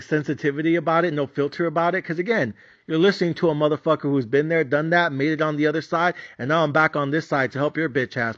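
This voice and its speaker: A man with a fairly high, fairly bright voice hosts a podcast, telling a story casually in a profane, fired-up way full of slang. The recording is lo-fi with no echo.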